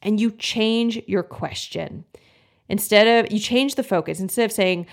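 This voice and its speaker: A young woman talks to her listeners in a friendly, earnest podcast style, her voice sitting at an ordinary middle pitch. Now and then she jumps into quick, lively voices to act out anxious inner thoughts. She sounds like a coach talking someone through a problem. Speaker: podcast host, gut health coach. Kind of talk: casual solo podcast talk.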